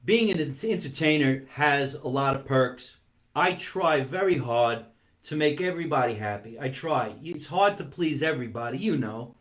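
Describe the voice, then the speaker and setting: A man's voice: mid-range voice, expressive, moderate pace. A man hosting a comedy talk show from his basement, chatting playfully while he eats and stretching out words for comic emphasis. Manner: talks while eating. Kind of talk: live-streamed comic monologue. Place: home basement.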